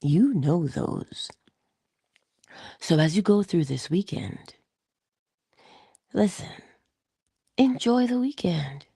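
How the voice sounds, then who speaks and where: A woman's voice: lowish voice, big pitch swings, takes it slowly, gravelly, pauses often, warm tone, husky, no room sound, clean studio sound. A middle-aged woman hosting a casual inspirational morning talk, dropping into whispers for emphasis and laughing often as she tells a story. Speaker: host of a morning inspiration show.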